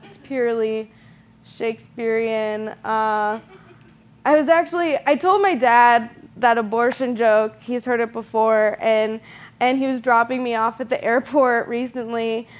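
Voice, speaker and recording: A young woman doing a stand-up set on stage, her voice sitting a little high. She delivers self-deprecating lines deadpan, filling gaps with ums and quick laughs. The live recording sounds dull and lo-fi. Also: clean tone. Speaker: stand-up comedian. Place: comedy stage.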